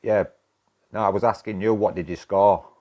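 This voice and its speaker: A man with a broad Yorkshire accent and a notably low voice, chatting loosely with his viewers during a live game stream. He swears freely and keeps up easy banter. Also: steady tone, moderate pace, muffled recording. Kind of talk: casual live-stream chat.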